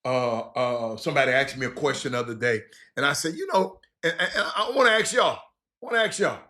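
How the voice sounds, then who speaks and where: Bright-voiced man chatting loosely. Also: mid-range voice, animated, a little fast. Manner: repetitive, stop-start, informal slang. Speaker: livestream host. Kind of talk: casual rambling chat to viewers.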